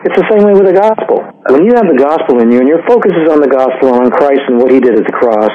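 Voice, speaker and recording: Male caller, tinny phone line, raised pitch, earnest and preachy. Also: animated, fast talker. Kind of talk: phone-in talk.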